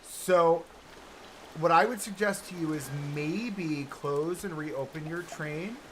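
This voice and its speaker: A man's voice: on the high side, slow pace, fairly bright tone, slight background noise. A man chatting casually on a live game stream, laughing often and explaining what he builds as he goes. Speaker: streamer building a theme park.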